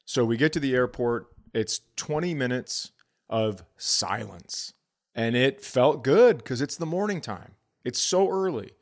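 Middle-aged male comic, casual podcast storyteller, animated and profane, mid-range voice. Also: medium pitch, a little slow. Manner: animated, swearing, voices others in quotes. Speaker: podcast co-host, comedian.

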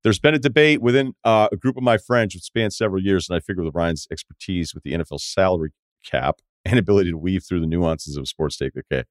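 A man in his forties hosting a podcast, telling rambling stories in casual chat with swearing and animated asides. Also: deep voice, fast, dry recording, studio quality. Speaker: podcast host.

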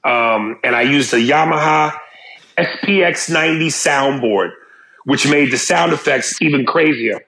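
Male podcast co-host with a mid-pitched voice, blunt and teasing, reading mail in casual chat. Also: a little slow, bright, forceful tone, poor audio. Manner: teasing, blunt, reads listener emails aloud.

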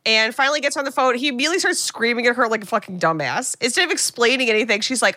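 Bright, chatty woman podcast host. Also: fairly high pitch, rapid-fire, hardly any pauses, no room sound, clean studio sound. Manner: chatty, retells scenes with voiced quotes. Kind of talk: casual comedic movie recap.

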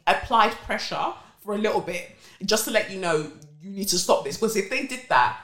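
A forceful, bright-toned speaker, talking bluntly in a casual chat. The voice is tense and cutting. There is a roomy echo around it. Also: mid-range voice, expressive, a little fast. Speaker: podcast co-host.

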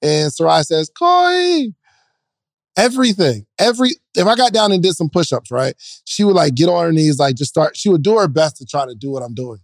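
A young man with a somewhat high voice tells a relaxed, slangy story in casual podcast chat. His delivery is animated and easygoing, recorded dry and close. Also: fast talker, vocal fry, hardly any pauses, no room sound.

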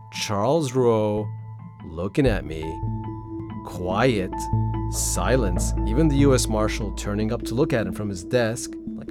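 A man's voice: on the low side, moderate pace, faint music behind. A man being interviewed, recounting events casually and animatedly acting out what others said. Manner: animated, acts out others' quotes. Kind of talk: casual storytelling.

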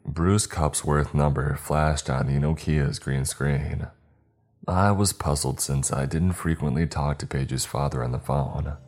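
A man narrating a story in a measured, somber way. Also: rumbling low, darkish tone. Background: faint music.

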